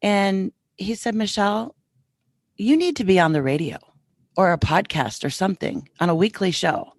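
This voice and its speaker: A woman's voice: medium pitch, moderate pace, no echo. A middle-aged woman hosting a podcast, telling a story in a chatty way and acting out the back-and-forth of what people said. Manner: chatty, quotes others in lively back-and-forth. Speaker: podcast host. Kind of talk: casual storytelling.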